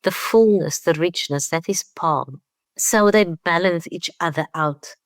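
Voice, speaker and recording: A woman's voice: lowish voice, measured pace, no room sound. A woman from South Africa, a winemaker, speaking as a guest in a conversational interview and telling stories with acted-out dialogue. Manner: warm storytelling, acts out quoted dialogue.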